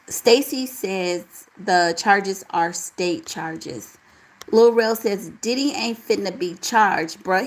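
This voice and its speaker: A woman hosting a casual live chat, reading out viewer comments and answering them in a relaxed, talkative way. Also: mid-range voice, rough recording. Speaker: livestream host reading chat.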